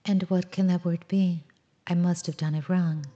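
A woman's voice: on the low side, fairly even intonation, moderate pace, dark tone, dull audio, natural voice. A woman voicing a curious, touchy little boy who is puzzled and a bit petulant.

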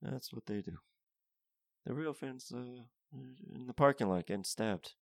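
A man's voice: medium pitch, lively intonation, a little slow, creaky, no room sound, studio quality. A man ranting in a profane comedy monologue, rambling and often restarting his sentences.

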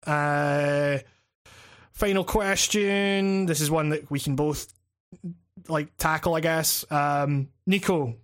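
A man's voice: on the high side, steady tone, slow pace. Rambling Scottish man on a podcast. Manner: rambling, many fillers and restarts, swears casually. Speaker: podcast co-host and video essayist. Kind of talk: casual podcast chat.

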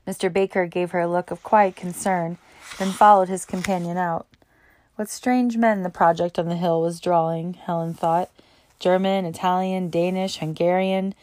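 A woman reading a novel aloud as narrator, in a steady, even way. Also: lowish voice, dry recording. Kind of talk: audiobook narration.

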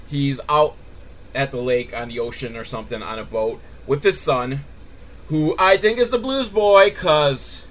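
A man's voice: medium pitch, fairly bright tone. A man hosting a comedic recap of a TV show, rambling and self-mocking, with sudden goofy swings in his voice. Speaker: podcast host recapping a TV show.

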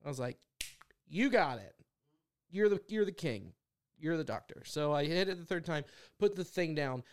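Man, comedian, high voice, smooth and clear, profane animated storytelling, casual podcast chat. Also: normal speed. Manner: animated, profane storyteller who acts out other people's lines. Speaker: stand-up comedian guest.

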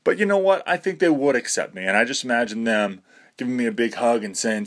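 A man's voice: mid-range voice, quick pace. A young man rambling to camera in a self-mocking way, swearing casually and breaking into nervous laughter. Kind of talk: rambling monologue.

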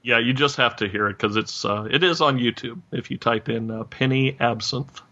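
A podcast host rambles and laughs through a loose, animated chat at normal speed. His mid-pitched voice is bright and forceful, but the recording comes across dull and lo-fi.

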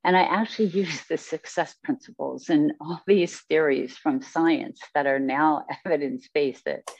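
Speaking as an interview guest, a woman recounts her life story reflectively and ramblingly, with many fillers. Her voice sits low and is slightly mellow and husky, at normal speed. The recording is dull and dry, with no echo.

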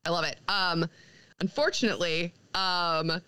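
A young woman co-hosting a podcast, recapping a comic in a casual, animated way, quoting the characters and laughing often. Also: fairly low pitch, unhurried, smooth, poor audio. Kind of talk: casual chat.

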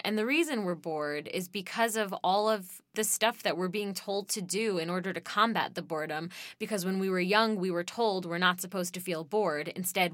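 Bright-voiced young woman podcaster. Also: lowish voice, no room sound, clean studio sound. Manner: rambling, conversational, thinking aloud with frequent fillers; profane. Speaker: podcast host. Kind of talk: casual solo podcast monologue.

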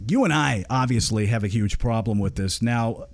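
A man's voice: medium pitch, normal speed, dry recording. Man, podcast host, crude joking banter, dry close sound.

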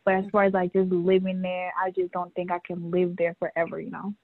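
A New York woman who organizes fashion shows is a guest in a casual interview, telling animated stories and laughing often. Her voice is fairly low and a little fast, with no echo, and it comes through a tinny phone line.

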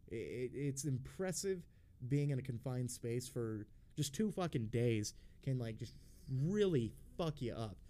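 A man hosting a podcast, telling a personal story in a casual, blunt and rambling way, swearing constantly and filling pauses with ums and uhs. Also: medium pitch, warm tone. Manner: profane, blunt and rambling, with frequent fillers. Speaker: podcast host.

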